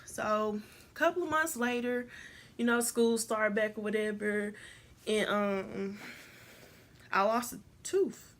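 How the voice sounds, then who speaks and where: A woman's voice: takes it slowly, long pauses. A teenage girl vlogger telling a casual storytime, rambling with many restarts and jumping into voices for quotes. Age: teens. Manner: animated, jumps into high voices to act out quotes.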